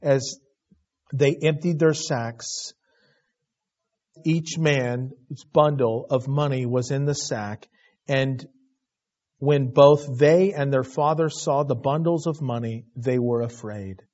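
A Bible teacher delivers an expository sermon in a medium-pitched, slow, somewhat dark voice. He reads scripture aloud, then retells it conversationally, building emphasis as he goes. The lo-fi recording sounds dull.

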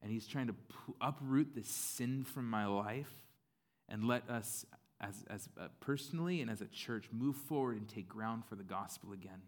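A man's voice: lowish voice, moderate pace. Casual, conversational male pastor. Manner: casual, conversational preaching with fillers and playful acted-out voices. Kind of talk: sermon.

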